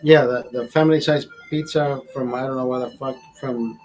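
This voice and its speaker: A man's voice: mid-range voice, fairly even intonation, moderate pace, darkish tone, soft background music. A man hosting a livestream in casual, crude chat, profane and rambling, often laughing. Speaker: livestream host.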